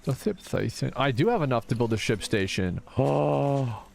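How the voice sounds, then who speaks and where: Tired, gravelly-voiced man. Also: medium pitch, expressive, moderate pace. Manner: soft-spoken, reading and answering chat. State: tired and low energy. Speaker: streamer. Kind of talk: casual live-stream chat while gaming.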